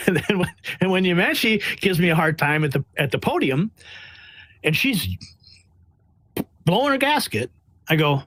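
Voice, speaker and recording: Blunt, animated man with a fairly high voice. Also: normal speed, long pauses, dry recording. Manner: blunt, animated, acts out quotes. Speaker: White House press correspondent. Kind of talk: casual interview storytelling.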